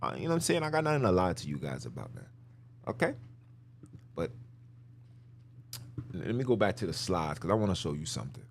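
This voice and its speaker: A man's voice: low-pitched, very animated, brisk, vocal fry, long pauses, a little hiss or hum. A man hosting a podcast, giving emphatic, repetitive religious commentary in casual slang while he talks his listeners through slides. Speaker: podcast host.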